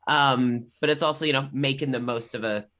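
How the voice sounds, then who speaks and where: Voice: mid-range voice, steady tone, a little fast, a bit bright. A game master narrating a tabletop game scene in a loose, rambling way with many fillers. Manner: rambling, filler-heavy description.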